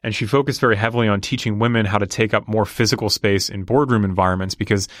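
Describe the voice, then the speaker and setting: A man's voice: lowish voice, steady tone, fast, a bit bright, no room sound, clean studio sound. A man talking confidently and explaining with examples in a casual conversation. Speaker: negotiation guest.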